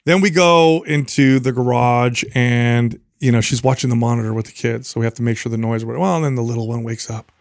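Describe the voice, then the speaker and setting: A man co-hosting a podcast, telling a long story in casual chat, rambling and animated, swearing freely. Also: mid-range voice, a little fast, creaky, hardly any pauses, dry recording, clean studio sound. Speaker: podcast co-host.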